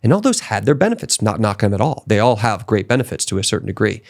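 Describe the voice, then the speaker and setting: A man appears as a guest on a casual interview podcast, recounting his own story in an emphatic, motivational way that gets more excited as it goes. His voice sits fairly low and he talks fast.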